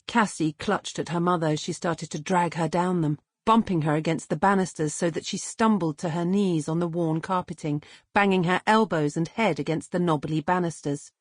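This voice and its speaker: A woman reading a dramatic novel aloud as an audiobook narrator, measured and expressive, close to the mic. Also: on the low side, no room sound. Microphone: close studio mic.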